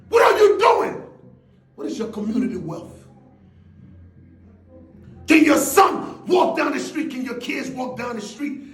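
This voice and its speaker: A motivational speaker with a very high voice shouts his speech with intense energy, firing off one rhetorical question after another. His words ring around an echoey room.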